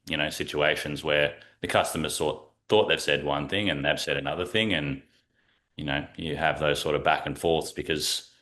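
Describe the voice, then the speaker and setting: A man talks through his points in a casual podcast chat, leaning on fillers as he explains. His voice sits extremely low, yet it has a bright, forceful edge. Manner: relaxed, explanatory, many fillers. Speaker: guest from a software company.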